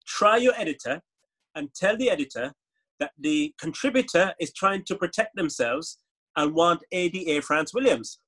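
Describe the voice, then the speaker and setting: A man's voice: fairly high pitch, lively intonation, moderate pace, a bit bright, poor audio. A man putting on a Caribbean accent to play an overly polite, sweet-talking persona of himself. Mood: polite, firm. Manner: sweet-talking, formal, hesitant.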